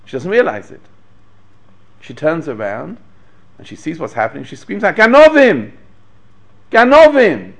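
Brief: male rabbi giving a Torah class, gravelly voice with a lively, swooping pitch, an animated storyteller. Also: moderate pace, pauses often. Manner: animated storyteller, acts out quotes, chuckles. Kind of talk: Torah lecture.

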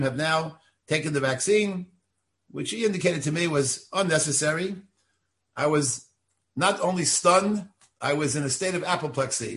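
An older man, a synagogue rabbi, giving a Torah lecture in an earnest, deliberate lecturing tone. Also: on the high side, fairly bright tone.

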